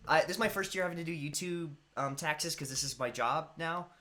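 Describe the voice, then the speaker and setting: A man's voice: fairly high pitch, brisk, sharp tone. A young man hosting a live stream, chatting casually and greeting viewers by name in a rambling way. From United States.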